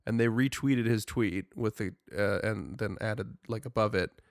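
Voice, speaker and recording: A young man co-hosting a podcast in casual chat, rambling and animated with lots of filler words. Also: fairly low pitch, measured pace, creaky, no room sound, clean studio sound. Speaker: podcast co-host.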